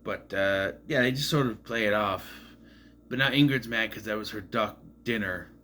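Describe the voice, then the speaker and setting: A man's voice: lowish voice, moderate pace, pushed and bright, a little hiss or hum. A man casually recapping a movie in a rambling, musing way, often admitting he is unsure. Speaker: movie reviewer.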